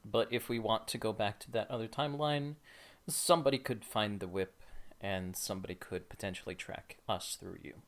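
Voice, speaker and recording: A man playing a tabletop game, talking calmly and reassuringly. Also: fairly low pitch, normal speed. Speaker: player. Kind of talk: casual chat at a game table.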